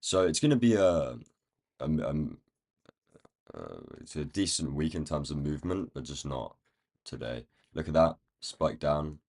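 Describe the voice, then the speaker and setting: A man with a croaky, rough-sounding voice, thinking aloud in casual commentary as he marks up trading charts on a live stream. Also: extremely low pitch, sing-song, unhurried, darkish tone. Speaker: day trading livestream host.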